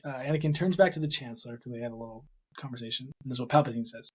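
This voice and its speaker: A man with a husky, mid-pitched voice co-hosts a podcast in an easygoing, conversational way. Now and then he reads passages aloud at an unhurried pace. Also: a little mellow. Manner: easygoing, reading aloud from a script. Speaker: podcast co-host. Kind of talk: casual chat.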